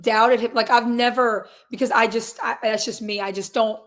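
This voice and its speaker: A woman's voice: fairly high pitch, steady tone, normal speed, a bit bright. A woman in her twenties, a guest in a casual interview, talking earnestly and rambling through restarts and quoted asides. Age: 20s. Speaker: guest, singer and real estate agent.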